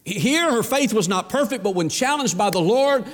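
A man's voice: high voice, lively intonation, normal speed. A man preaching a sermon as pastor, folksy and emphatic, asking the congregation rhetorical questions. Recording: echoey hall reverb.

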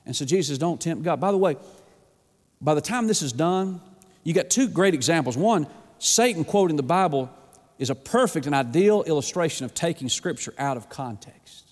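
Man, sermon, folksy and emphatic, slightly high voice, long hall reverb. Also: expressive, moderate pace. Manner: folksy, emphatic, repeats "my friend". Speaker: preacher.

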